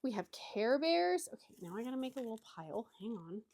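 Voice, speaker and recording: Chatty woman, kinda high voice, gushing over craft mail at her table. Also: big pitch swings, fairly quick, darkish tone. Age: adult, married. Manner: gushing, gasps and exclaims often. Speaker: craft channel host. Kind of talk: chatty unboxing vlog.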